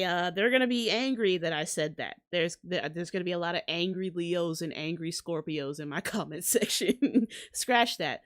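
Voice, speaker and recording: A young woman hosting a casual commentary rant, blunt and profane, laughing often and mocking people in put-on voices. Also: lowish voice. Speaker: commentary channel host.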